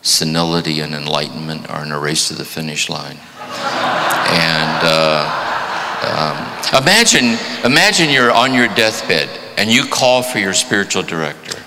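Man in his seventies, deep voice, spiritual talk, reflective, long echoing hall. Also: animated, a little slow, background noise. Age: 70s. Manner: reflective, repeating phrases for emphasis. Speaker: spiritual teacher.

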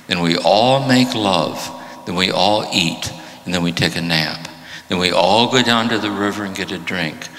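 A man voicing a dead husband reborn as a jackrabbit, reciting his routine slowly and deadpan in a reverberant hall. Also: low voice.

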